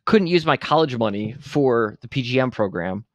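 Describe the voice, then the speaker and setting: A Buffalo, New York man in his forties, a veteran entrepreneur, tells his story as a podcast guest with a medium-pitched voice at a moderate pace. His candid interview storytelling is blunt, animated, and sprinkled with profanity, recorded with no room sound.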